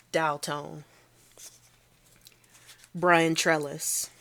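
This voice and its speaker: A woman's voice: sits low, little pitch movement, a little slow, fairly bright tone. A woman teacher reading a novel aloud to students, evenly and plainly.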